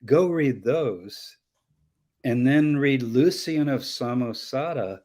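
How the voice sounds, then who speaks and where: A man's voice: mid-range voice, lively intonation, slow pace, a little mellow. An older man, a guest scholar in a live conversational Q&A, telling stories animatedly, acting out quoted voices and laughing often. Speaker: guest scholar answering audience questions.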